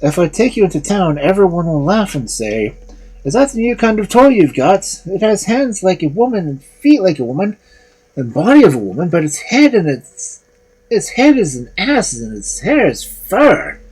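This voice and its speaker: Anxious young cousin, as a storyteller plays him. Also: male voice, sits high, very animated, normal speed, a little mellow, breathy edge, voice pushed up, full character voice, poor audio.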